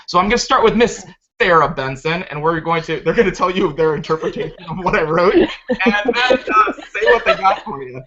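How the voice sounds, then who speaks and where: Effusive male host on a video call, sharp bright tone, dull lo-fi sound. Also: sits high, lively intonation, fairly quick. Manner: effusive, full of "uh" fillers. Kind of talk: casual web show hosting. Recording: muffled lo-fi video call audio.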